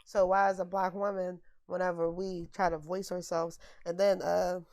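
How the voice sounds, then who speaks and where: A woman's voice: on the low side, level tone, moderate pace, a little mellow, no echo, clean studio sound. A young woman co-hosting a podcast, chatting casually in slang, laughing often as she talks. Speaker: podcast co-host. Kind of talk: casual chat.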